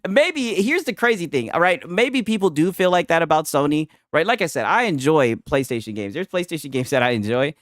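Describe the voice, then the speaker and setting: A man's voice: fairly high pitch, very animated, brisk, few pauses, fairly bright tone, no echo, clean studio sound. A man reacting to a clip on his stream, mocking and laughing, with lots of slang. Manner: mocking, laughing, slangy, replays and repeats lines. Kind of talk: casual reaction commentary.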